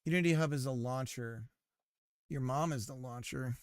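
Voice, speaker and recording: A man's voice: mid-range voice, moderate pace, smooth, no room sound, clean studio sound. A man streaming live while working on his game, chatting casually and teasing his viewers. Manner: joking, teasing his chat.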